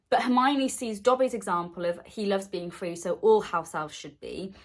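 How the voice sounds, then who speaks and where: A woman's voice: mid-range voice, moderate pace. Chatty woman podcaster. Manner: chatty, enthusiastic, acts out quotes. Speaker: podcast host. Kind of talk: casual recap chat.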